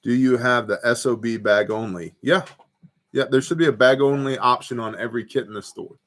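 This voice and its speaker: A man runs a casual prepper livestream from his home porch, talking fairly quickly in a mid-range, fairly bright voice with fairly even intonation. He reads viewer comments and tells easygoing, rambling stories loaded with fillers.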